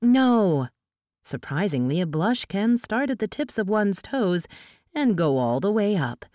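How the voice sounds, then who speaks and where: A woman narrating an audiobook in a measured, steady reading voice. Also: medium pitch, dry recording, studio quality.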